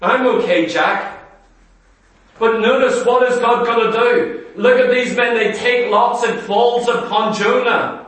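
A man's voice: extremely high pitch, flat delivery, measured pace, fairly bright tone. A male preacher delivering a fervent sermon to a congregation, firing rhetorical questions at them. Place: church hall. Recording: echoey church, mic far off.

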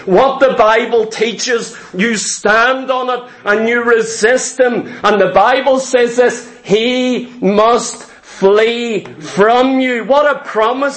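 A man with a notably high voice delivers a sermon. He drives his points home through emphatic repetition and direct address to the listeners. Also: a bit bright, roomy sound, poor audio. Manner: emphatic, repetitive preaching cadence. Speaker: preacher.

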